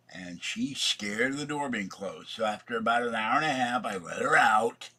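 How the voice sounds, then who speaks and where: A man's voice: medium pitch, animated, moderate pace, hardly any pauses, sharp tone, slightly rough. A man rambling through a casual vlog, chatty and meandering, talking to himself as he works at his computer. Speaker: vlogger.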